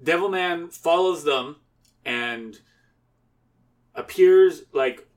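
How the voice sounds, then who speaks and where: Slow, unhurried male storyteller. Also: a little high, distant mic. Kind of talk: improvised storytelling chat.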